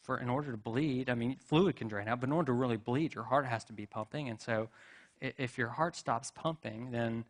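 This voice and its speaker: A man voicing a gloomy male patient convinced he is dead, stubborn and quietly insistent. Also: medium pitch, fairly quick, close to an everyday voice. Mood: reasoning.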